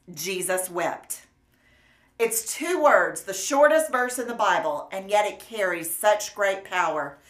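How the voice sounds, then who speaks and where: A woman preacher delivering a sermon in an earnest, measured and gently emphatic way. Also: medium pitch. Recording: roomy echo.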